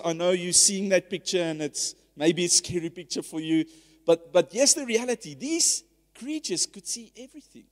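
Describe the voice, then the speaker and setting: Earnest preaching man in a reverberant church. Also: sits high. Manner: earnest, conversational preaching with frequent restarts. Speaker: pastor. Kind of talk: sermon. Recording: church hall with long reverb.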